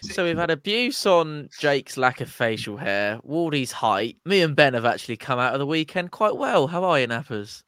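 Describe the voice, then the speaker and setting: A man's voice: fairly high pitch, big pitch swings, normal speed, hardly any pauses, a bit bright, smooth, no echo. A man hosting a casual podcast, teasing his co-hosts and steering the talk. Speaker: podcast host.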